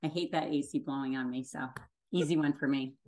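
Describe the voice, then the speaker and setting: Easygoing low-voiced woman podcast guest. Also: steady tone, fairly quick, mellow. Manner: easygoing and direct. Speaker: guest, center director. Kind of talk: casual chat. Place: home on the coast.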